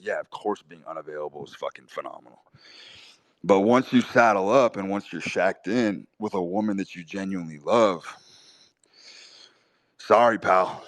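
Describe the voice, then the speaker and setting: A man's voice: low voice, a bit bright, dry recording. A man delivering a blunt, profane, opinionated monologue, hammering his points home by repeating them. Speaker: podcast host.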